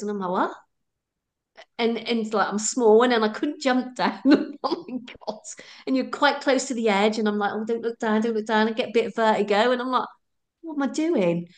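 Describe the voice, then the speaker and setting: A middle-aged woman, a runner guest telling her stories in a chatty, laughing way. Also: fairly high pitch. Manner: chatty, laughs often, acts out her own thoughts. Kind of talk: casual storytelling interview.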